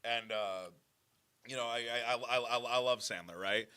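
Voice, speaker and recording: A man's voice: medium pitch, moderate pace, clean tone. A young man, a comedian, telling stories in casual podcast chat, laughing often and swearing. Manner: laughs often, swears, acts out voices loudly. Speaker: comedian guest.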